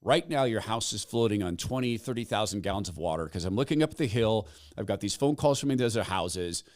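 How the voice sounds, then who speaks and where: A man's voice: on the low side, lively intonation, a little fast, a little mellow. A middle-aged man hosting a podcast, telling a story in a casual monologue and acting out the people he quotes. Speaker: podcast host.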